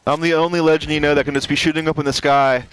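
A man's voice: on the high side, level tone, very fast, fairly bright tone, smooth, low-quality recording. A young man giving crude, boastful, profane commentary while playing a game, often breaking into rapping. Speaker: gamer. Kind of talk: casual gameplay commentary.

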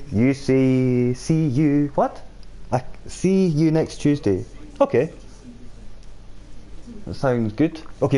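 A man's voice: medium pitch, dark tone. A man streaming a shooter game live, chatting casually with viewers and reading out their comments while he plays. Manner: chatty, reads and answers viewer chat while playing. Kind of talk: casual live-stream chat over gameplay.

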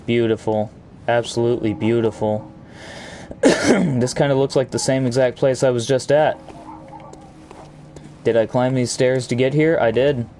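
A man's voice: medium pitch, steady tone, a little slow, pauses often, darkish tone, a little hiss or hum. Crude joking man playing a game. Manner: crude joking, mock-outraged rants. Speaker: gaming channel host. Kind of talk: gameplay commentary.

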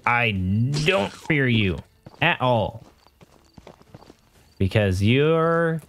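Man, let's play host, casual gameplay chatter, self-mocking, mutters reactions, mid-pitched voice. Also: a little hiss or hum.

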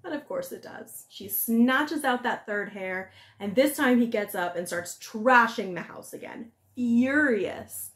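A woman retelling a fairy tale in a casual, lively, conversational way as a storyteller. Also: a little high, a little slow, hardly any pauses. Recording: echoey room.

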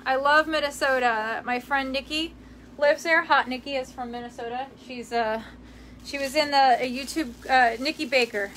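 High-voiced chatty young woman, giggly. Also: fairly even intonation, normal speed, a bit bright, slight background noise. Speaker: vlogger. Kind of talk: casual chat reading live comments. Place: room in her parents' house.

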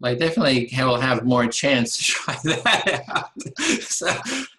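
A male interview host with a bright, clear voice at an ordinary pitch. He talks in a hesitant way, restarting sentences often and murmuring many "mm-hmm"s while listening. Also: very animated, normal speed, rough recording. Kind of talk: conversational interview talk.

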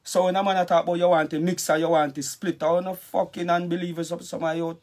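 A man's voice: sits high, level tone, fast talker, darkish tone. A Jamaican man, a dancehall artist, ranting angrily in a vlog, cursing and calling the listener brother over and over. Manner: angry, cursing, repetitive address of the listener. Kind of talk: heated vlog rant.

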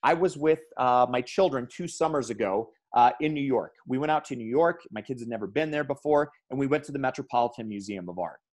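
A man speaking to teachers in a training talk, an emphatic and energetic storyteller who calls his audience "guys". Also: medium pitch, fairly quick, few pauses. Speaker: education speaker.

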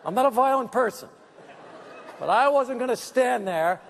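Brief: high-voiced, whiny male comedian roasting a friend at an awards tribute, echoing theater, laughing crowd. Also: animated, moderate pace, creaky, pauses often, noisy background. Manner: whiny, kvetching, mock-apologetic. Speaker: comedian giving a tribute speech. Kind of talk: comic roast speech. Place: large theater at an awards event. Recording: reverberant theater hall with audience. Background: audience laughter.

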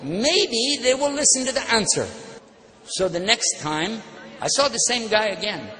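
A man giving an animated religious lecture, telling personal stories and acting out the dialogue. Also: sits high, measured pace. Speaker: Islamic speaker. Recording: long hall reverb, faint background noise.

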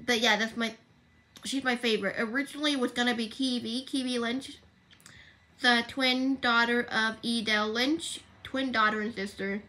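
A woman's voice: a little high, steady tone, moderate pace, pushed and bright. A young woman chatting casually on her livestream, rambling and correcting herself as she goes. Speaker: livestream host.

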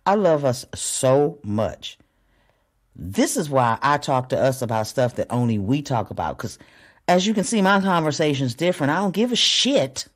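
Blunt, profane woman podcaster. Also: sits low. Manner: blunt and profane, swings between loud and hushed. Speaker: podcast host. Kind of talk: casual monologue.

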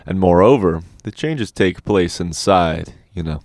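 A man's voice: low voice, expressive, unhurried, a little mellow, no room sound, clean studio sound. A man reading an eccentric little old doctor in an audiobook, quizzical and matter-of-fact. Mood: calm.

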